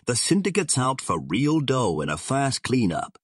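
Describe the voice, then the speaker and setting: A man's voice: mid-range voice, big pitch swings, moderate pace, husky, no echo, clean studio sound, voice pushed up. A man voicing a sardonic male gangster boss who drawls his threats in slang. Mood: menacing.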